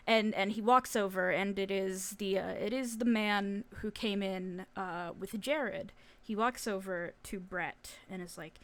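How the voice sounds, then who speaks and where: A woman narrating a tabletop game as game master, animated and casual with laughter and swearing. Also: medium pitch, a little slow.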